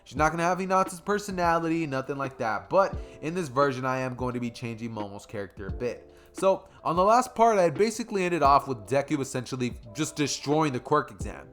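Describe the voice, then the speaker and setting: A man's voice: medium pitch, sing-song, fairly quick, hardly any pauses, fairly bright tone, faint music behind. A young man casually retelling his own fan story, rambling, slangy and correcting himself as he goes.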